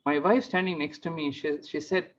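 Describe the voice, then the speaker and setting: A man giving a devotional testimony talk, telling his story in an animated way and acting out the dialogue. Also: fairly high pitch, moderate pace. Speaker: speaker at a devotional gathering. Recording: muffled lo-fi sound.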